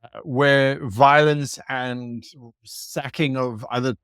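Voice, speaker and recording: A man answering as a guest game master, telling stories in a lively way and acting out quoted remarks. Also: medium pitch, slow pace, clear, resonant tone, no echo, studio quality. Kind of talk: conversational interview answer.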